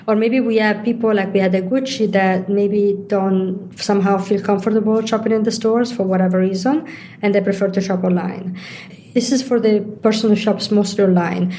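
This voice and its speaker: A woman's voice: mid-range voice, dark tone, slight background noise. A middle-aged woman, a guest in an interview, explaining her points at length with examples. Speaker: interview guest, digital executive. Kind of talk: conversational interview.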